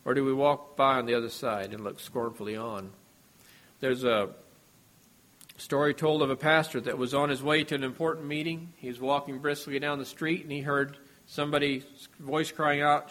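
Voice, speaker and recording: A male preacher delivering a sermon at a middle pitch. He speaks in a measured, earnest way, letting his voice fall quietly at the end of each thought. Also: fairly even intonation. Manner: measured and earnest, voice dropping at phrase ends.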